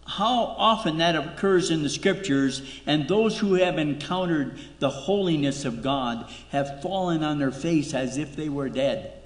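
A man's voice: a little high, unhurried, few pauses. A man preaching a sermon as pastor, emphatic, repeating key words and asking rhetorical questions. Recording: echoey hall reverb.

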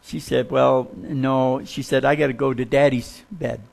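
A man preaching a sermon, telling folksy stories with humor and dropping to a hushed voice for suspenseful parts. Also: medium pitch, steady tone, unhurried, vocal fry.

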